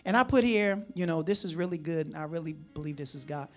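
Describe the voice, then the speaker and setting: A man's voice: on the high side, a little fast. Chatty preacher man, faint music behind. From New Jersey or New York area. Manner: folksy and chatty, many asides and chuckles. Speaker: pastor. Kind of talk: conversational sermon.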